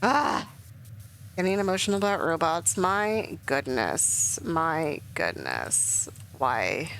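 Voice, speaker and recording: Brief: young woman streamer, rambly casual commentary, lively up-and-down pitch, lowish voice, faint hum behind. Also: slow, rough recording. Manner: rambling, emotional, many fillers.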